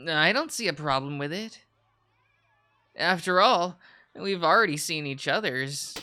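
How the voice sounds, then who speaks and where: A man's voice: fairly high pitch, animated, unhurried, sharp tone, heavily acted. A man voicing a smug, cocky teenage boy who jokes around. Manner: smug, joking.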